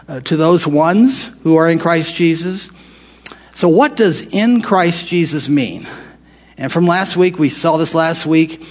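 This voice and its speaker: A man teaching a Bible study in a conversational way, asking questions and repeating phrases for emphasis. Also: on the high side.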